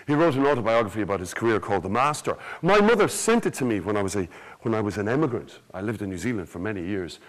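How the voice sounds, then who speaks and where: This Irish man, a storyteller, has a lowish voice and a quick pace, heard on a rough recording. His conference talk to a live audience is animated and theatrical, packed with jokes and questions for the crowd.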